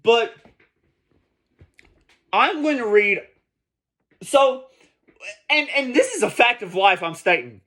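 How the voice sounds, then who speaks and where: Male vlogger, high-pitched, emphatic and profane, casual heated commentary. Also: sing-song, slow, long pauses, a bit bright. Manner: emphatic, profane, repeats points for stress.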